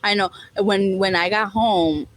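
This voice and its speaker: A woman's voice: mid-range voice, fairly even intonation, measured pace, no echo, rough recording. Give me a blunt woman chatting. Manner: blunt, swears freely, switches into Spanish. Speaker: podcast co-host. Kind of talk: casual candid chat.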